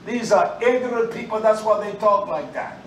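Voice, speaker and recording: A man preaching in a loose, animated street style, his fairly high voice bursting out loud and then dropping back. He sounds roomy and a bit distant from the mic, with faint room ambience behind him. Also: normal speed, a little hiss or hum. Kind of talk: sermon.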